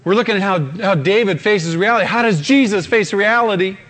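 Guy preaching hard, really high voice, acts stuff out. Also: brisk, fairly bright tone. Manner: fervent preaching, acts out scenes with sudden bursts. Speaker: pastor. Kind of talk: sermon.

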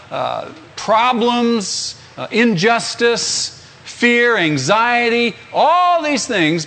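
A man's voice: sits high, a bit bright. A man, a pastor, preaching a sermon emphatically, repeating phrases and asking the congregation rhetorical questions.

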